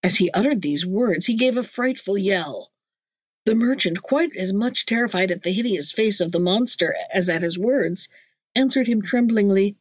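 Lady reading a fairy tale audiobook, steady and clear, mid pitch, no room echo. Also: normal speed. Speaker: audiobook narrator. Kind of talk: storybook narration.

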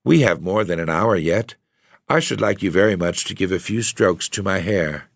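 A man's voice: low voice, animated, normal speed, creaky, dry recording, clean studio sound, exaggerated voice. A man voicing a jealous, bitter young woman in a gothic story reading, with a cutting, passionate manner. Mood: coaxing.

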